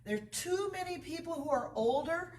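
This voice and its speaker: A woman's voice: very high voice, animated, moderate pace, a little mellow, echoey room, far from the mic, rough recording. A woman yoga instructor leading a beginner class, counting out breaths and moves and adding encouraging asides.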